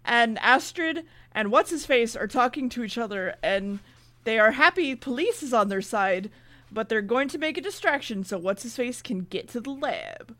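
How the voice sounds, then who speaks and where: A woman co-hosting a podcast, retelling a TV episode in casual chat, swearing freely and slipping into quick character voices. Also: on the high side, lively intonation, sharp tone. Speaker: podcast co-host recapping an episode.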